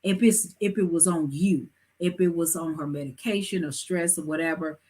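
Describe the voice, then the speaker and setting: Husky woman hosting a lively talk show. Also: on the low side, moderate pace. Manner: lively, preachy advice with emphatic asides. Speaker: host. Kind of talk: live-stream talk show chat.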